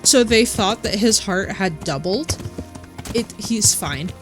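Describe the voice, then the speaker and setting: A woman's voice: mid-range voice, animated, slow pace, over music. A woman streamer chatting casually while playing, telling a story animatedly and quoting people in her own voice. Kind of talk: casual chat while gaming.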